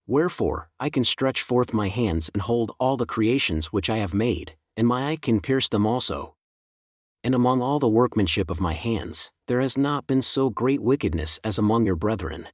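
A man voicing God, an eternal male deity who speaks with stern grief in a solemn, measured scripture reading. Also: lowish voice, no echo, studio quality.

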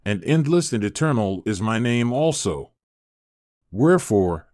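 A man voicing God as a stern, sorrowing eternal deity in a scripture reading, in grave, measured declarations. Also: medium pitch, a little mellow, no echo, clean studio sound, lightly acted.

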